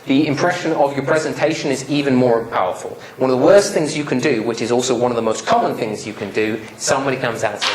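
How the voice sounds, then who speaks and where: A male presenter teaches public speaking to a seated crowd, mixing jokes with direct questions to them. His mid-pitched voice rings through a roomy hall. Light background noise sits under the talk. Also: fast, few pauses. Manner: playful, joking, quizzes the audience. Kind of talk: live presentation to an audience. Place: lecture room with a live audience.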